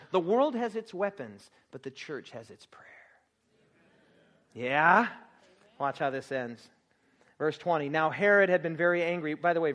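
A man preaching a sermon, lively and jokey, acting out scenes and laughing often. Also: fairly high pitch, lo-fi sound.

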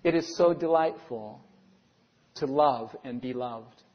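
A man's voice: medium pitch, slow pace. A middle-aged man preaching a sermon as pastor, earnest, asking his listeners rhetorical questions. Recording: dull lo-fi sound with long hall reverb.

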